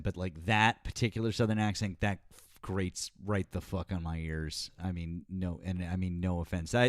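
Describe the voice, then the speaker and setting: A man's voice: deep voice, dry recording, clean studio sound. A man hosting a live political stream, talking bluntly and casually with lots of swearing and filler words. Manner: blunt, profane, rambling with fillers. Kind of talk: casual political chat with callers.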